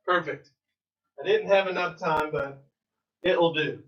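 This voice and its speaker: A man's voice: a little high, unhurried, muffled recording. Chatty man teaching drums. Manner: chatty, counting students through exercises. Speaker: drum teacher. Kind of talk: casual online drum lesson. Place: drum studio. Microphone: phone camera.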